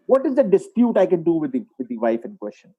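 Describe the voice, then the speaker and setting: A man giving a webinar lecture as a psychiatrist, walking through case examples and often clearing his throat. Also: fairly high pitch, wildly swooping pitch, fast, dull audio. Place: online webinar.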